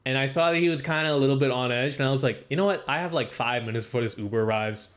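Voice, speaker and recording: A young man co-hosting a casual podcast, telling a long story full of "like" and acting out what people said. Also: racing. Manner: rambling storytelling, heavy use of "like"; acts out quoted speech with raised pitch. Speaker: podcast co-host. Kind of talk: casual chat.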